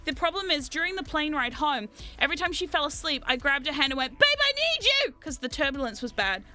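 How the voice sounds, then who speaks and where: A woman vlogger chatting casually, telling animated stories, often laughing and swearing freely. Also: sits high, fast, faint music behind. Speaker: VTuber vlogger. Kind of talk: casual storytelling chat.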